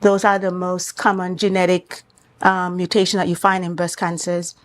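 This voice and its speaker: A woman physician with a Trinidad and Tobago accent is a guest on a morning talk show. Her voice is lowish and her tone level as she explains things in a measured, clinical fashion.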